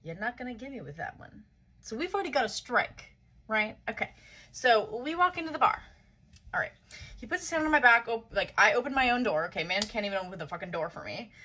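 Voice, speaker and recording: A woman's voice: a little high, expressive, a little fast, pushed and bright. A woman ranting in a sassy, exasperated way about a bad date, with casual swearing. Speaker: content creator. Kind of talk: casual storytime vlog.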